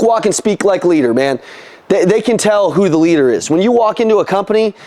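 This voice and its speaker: A young man giving a motivational sales training talk, energetic and casual, swearing freely and throwing questions at the room. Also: sits high.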